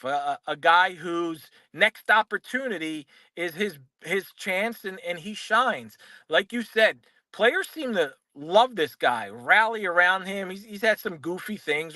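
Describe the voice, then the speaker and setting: High bright-voiced man calling in from a car. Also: no echo. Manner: animated, laughs often, mimics others. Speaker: NFL writer guest. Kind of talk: casual sports radio chat.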